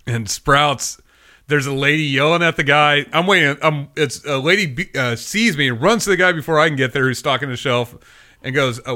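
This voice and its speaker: A man's voice: a little high, fairly quick, bright, forceful tone. A middle-aged man co-hosting a podcast, telling a rambling, profane story and acting out the people in it. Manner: rambling storyteller, swears freely, acts out quotes. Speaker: podcast co-host. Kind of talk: casual chat.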